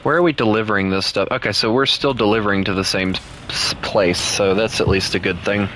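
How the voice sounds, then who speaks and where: A man with a Southern US accent, streaming a game and chatting playfully with co-players, breaking into teasing and high shouts. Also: fairly even intonation, fairly quick, a little hiss or hum. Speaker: gaming streamer. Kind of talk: casual gameplay chat with co-players.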